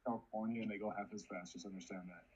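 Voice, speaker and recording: A man chatting casually, dropping dry, teasing asides with a husky voice. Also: on the low side, fairly even intonation, very fast, a little mellow, lo-fi sound. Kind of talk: casual group chat.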